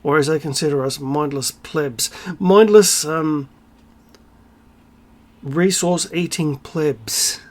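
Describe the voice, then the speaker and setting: A man's voice: fairly high pitch, slow. A man hosting his own channel, delivering a sarcastic, irreverent rant with swearing, bursts of emphasis and laughter. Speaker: channel host. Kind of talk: ranting solo vlog monologue.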